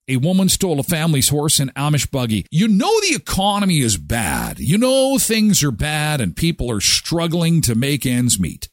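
Male host of a daily live show, animated and joking, slightly high voice, dry close sound. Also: moderate pace, hardly any pauses, dry recording. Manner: animated, joking, swings in pitch. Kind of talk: casual joking show chat.

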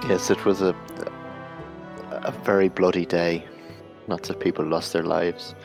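A man's voice: low-pitched, flat delivery, unhurried, gravelly, over music. A man playing a tabletop game, earnest and hesitant with frequent fillers. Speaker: player. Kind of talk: tabletop role-play.

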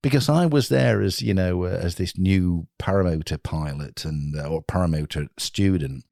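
Gravelly-voiced man, casual talk. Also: deep voice, normal speed, warm tone, no room sound, studio quality. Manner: chatty, explains with statistics, many fillers. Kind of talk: casual chat.

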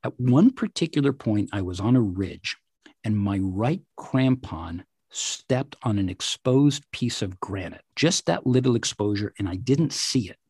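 A man in an interview telling a personal story vividly, at times dropping to hushed asides. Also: on the low side, animated, a little slow, breathy edge, dry recording. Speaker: interview guest, teaches classes.

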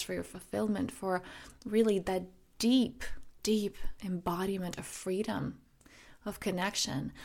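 A woman in her thirties hosting her own podcast, talking reflectively and softly, often dropping close to a whisper. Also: medium pitch. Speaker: podcast host and coach. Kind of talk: reflective solo podcast talk.

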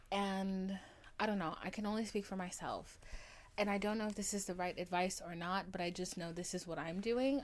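A young adult woman hosting a solo podcast, talking in an overdramatic, gushing way with free swearing and sudden loud outbursts. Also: mid-range voice. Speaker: podcast host.

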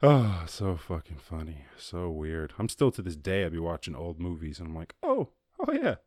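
Low-voiced Irish guy rambling on a podcast. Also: normal speed, darkish tone, no room sound, studio quality. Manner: rambling, swears freely, acts out quotes in a higher voice. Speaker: podcast host. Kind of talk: casual solo podcast monologue.

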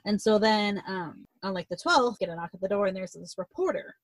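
A woman's voice: medium pitch, animated, a little fast, no room sound, poor audio. A young woman in casual chat, retelling a novel's plot in a rambling way, swearing freely and acting out the characters' lines.

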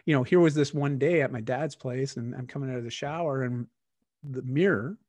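A man's voice: mid-range voice, fairly quick, a little mellow, dry recording. Candid man telling a personal story. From Canada. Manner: candid, reflective, many restarts and fillers.

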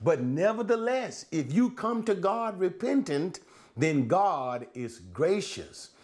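Slow, lively-pitched male preacher. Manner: asks rhetorical questions and answers them; repeats and restarts words. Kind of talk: Bible teaching podcast.

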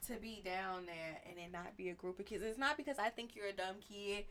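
A woman's voice: mid-range voice, a little fast, fairly bright tone, a little hiss or hum. Blunt woman telling parenting stories. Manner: blunt, profane, storytelling. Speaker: podcast guest, parent. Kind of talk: casual chat.

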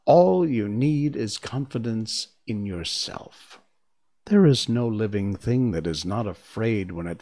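A man's voice: lowish voice, darkish tone, exaggerated voice. A man voicing a humbug wizard who is meek and apologetic, talking in a pleading, self-deprecating way.

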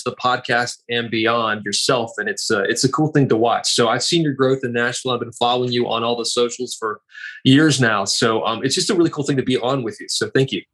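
A man chatting as a podcast guest, telling stories in a warm, easygoing way. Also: mid-range voice. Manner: chatty, warm storyteller who slips into impressions. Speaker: guest, radio personality and author. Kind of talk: casual interview talk.

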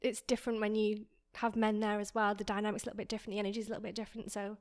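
A woman co-hosting a podcast delivers an emotional, filler-heavy story full of "like," sounding close to tears. Her mid-range voice is a little mellow, and she speaks flatly at a rapid-fire clip.

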